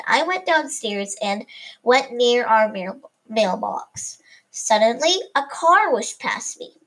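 A woman with a high voice reads a homemade first-person story aloud. She stumbles now and then and corrects herself mid-line. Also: fairly bright tone, rough recording.

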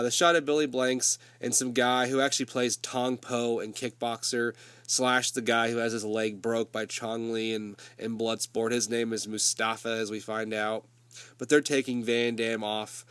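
A man's voice: mid-range voice, a bit bright, clear, resonant tone, no echo. A man with a summer cold recapping a movie in loose, profane, conversational storytelling.

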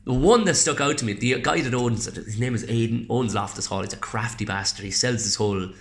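An Irish man chatting casually as a podcast guest, swearing freely and telling animated stories before a gig. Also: mid-range voice, a little fast. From Ireland. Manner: swears a lot, animated storytelling. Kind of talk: casual chat. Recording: roomy echo.

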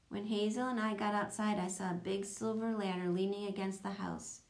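A woman reads a children's storybook aloud with lively storytelling energy. Her voice sits at a middle pitch with a touch of gravelly fry. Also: moderate pace. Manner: lively storytelling, voicing children in higher tones. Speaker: audiobook narrator. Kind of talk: children's audiobook narration.

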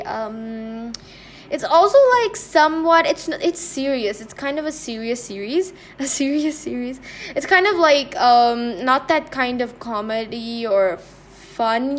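A young woman speaks in a slightly high voice, hosting her own casual chat show. She rambles, restarts her sentences and leans on ums and likes. She sounds a touch out of breath. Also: a little hiss or hum. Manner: rambling, many fillers and restarts. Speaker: podcast host.

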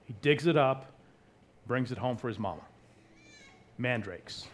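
A man preaching a sermon, emphatic, with wide swings between soft and loud. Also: mid-range voice, animated, a little slow. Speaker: pastor.

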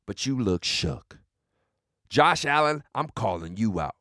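A man hosting a sports podcast, delivering comedic, mocking trash talk with sudden shouted bursts. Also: lowish voice, sing-song, unhurried, dry recording, studio quality.

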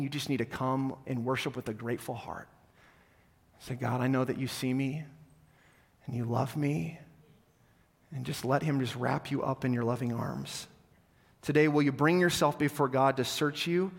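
A male pastor tells a story during a sermon and grows softer and lower as he invites the church to respond. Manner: storytelling, falls soft and low when inviting. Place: church sanctuary. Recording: long hall reverb.

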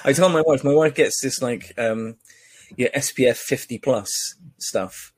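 A man's voice: mid-range voice, measured pace, husky, no room sound. A man hosting a podcast in casual chat, rambling with many fillers and joking. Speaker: podcast host.

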